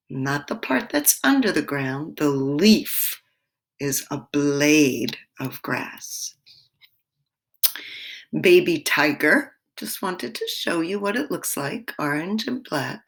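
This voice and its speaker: A woman teaching young children in a gentle, encouraging way, sometimes dropping to a whisper. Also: lowish voice, creaky. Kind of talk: slow, animated children's lesson.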